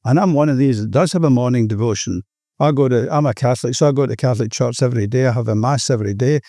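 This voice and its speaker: A man's voice: mid-range voice, rapid-fire, dark tone, dry recording, clean studio sound. An older Australian man sharing his recovery story at a meeting, earnest and rambling, often saying "you know".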